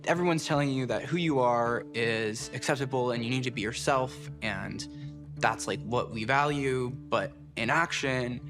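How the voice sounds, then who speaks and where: A man's voice: mid-range voice, normal speed. A young man speaking reflectively about acceptance in an interview. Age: young adult. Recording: music bed under interview.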